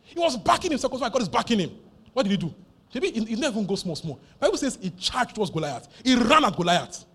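Pastor preaching, high voice that jumps all over, repeats himself for punch. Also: male voice, fast, husky. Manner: animated, emphatic preaching with heavy repetition. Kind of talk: sermon.

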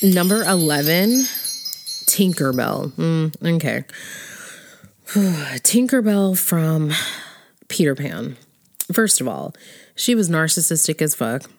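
A woman's voice: deep voice, lively intonation, slow, pauses often, darkish tone. A woman giving blunt, opinionated commentary in casual chat, swearing freely and laughing often. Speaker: vlogger ranking characters.

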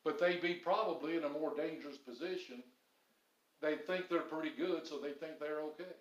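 Middle-aged man, pastor preaching in a roomy sanctuary, a touch high-voiced, earnest storyteller. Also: normal speed. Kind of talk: sermon. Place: church sanctuary. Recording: roomy church echo.

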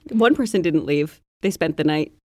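A woman's voice: low-pitched, lively intonation, normal speed, dry recording. A woman co-hosting a podcast in casual chat, dry, skeptical and matter-of-fact. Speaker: podcast co-host.

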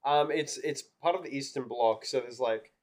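A young man chats as a podcast guest. He talks calmly and trails off, searching for words. His voice is mid-pitched for a man. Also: moderate pace. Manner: laid-back, trails off and hesitates while explaining. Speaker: guest, designer and artist. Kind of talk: casual chat.

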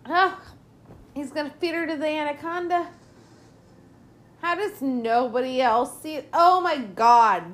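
A woman hosting a podcast, giving casual, exasperated commentary on a movie as she watches it, swearing often. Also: a little high. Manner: lively, exasperated, heavy swearing. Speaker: podcast host.

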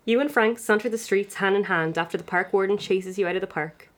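A woman's voice: mid-range voice, brisk. Giggly young woman reading aloud. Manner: giggly, self-mocking, laughing through the reading. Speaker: podcast co-host reading her old fan fiction aloud. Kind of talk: reading aloud with comic asides.

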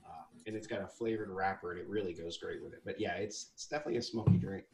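A man with a lowish voice chatting easily and sharing what he knows. He is picked up from a distance in a roomy space with faint background noise. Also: steady tone, fast talker. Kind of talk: casual chat.

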